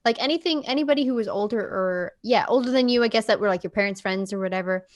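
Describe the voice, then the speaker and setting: A woman's voice: medium pitch, quick pace. A woman who grew up in South Africa, co-hosting a casual podcast chat and speaking frankly and emphatically, with casual swearing.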